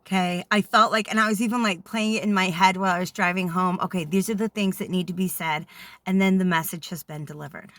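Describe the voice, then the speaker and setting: A woman's voice: lowish voice, steady tone, fast, a bit bright, dry recording. A woman giving a casual spiritual talk as a channeler, telling stories and checking in often with "okay?".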